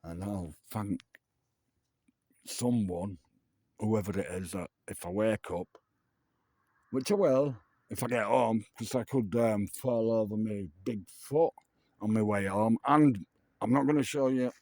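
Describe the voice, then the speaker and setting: Slow, rambling man. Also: lowish voice, a little mellow, no room sound. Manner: meandering, swears casually, slow drawl. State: tipsy from drinking. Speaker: vlogger. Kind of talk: rambling late-night monologue.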